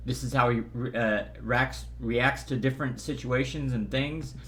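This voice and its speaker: A man's voice: medium pitch, steady tone, moderate pace, fairly bright tone. A man giving a casual, rambling movie review from a hotel room, stumbling over words and joking along the way. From Southern California. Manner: rambling, stumbling, jokey, slips into impressions.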